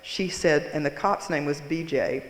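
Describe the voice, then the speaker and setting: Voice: mid-range voice, measured pace. A conference presenter telling a story in a wry, self-mocking and dramatic way, then reading a case aloud. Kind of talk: storytelling keynote talk. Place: large conference hall. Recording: roomy hall reverb.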